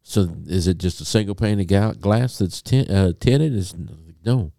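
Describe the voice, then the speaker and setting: A man co-hosting a podcast, telling a long story in a casual, animated way and acting out a phone call. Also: lowish voice, moderate pace, gravelly, no room sound, studio quality. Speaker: podcast co-host.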